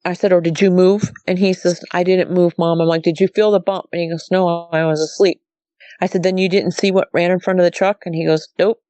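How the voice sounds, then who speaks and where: A woman's voice: lowish voice, level tone, a little fast, dark tone, no echo. A middle-aged woman from Montana telling her own story as a guest, rambling and quoting herself and others as she goes. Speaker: guest recounting a sighting. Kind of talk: casual storytelling.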